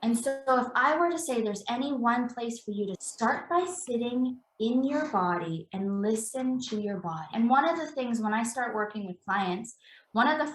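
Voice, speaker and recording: Earnest higher-voiced woman in an echoey room. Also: a bit bright, slight background noise. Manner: earnest, explanatory, repeats phrases for emphasis. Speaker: embodiment practitioner guest. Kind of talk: conversational podcast interview.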